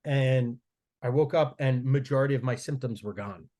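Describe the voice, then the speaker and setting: A man talks casually as a guest on a podcast, rambling through stories and swearing freely. He restarts his sentences often, at an average pitch for a man. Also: normal speed, dark tone. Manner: profane, rambling storytelling with frequent restarts. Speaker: strength coach guest.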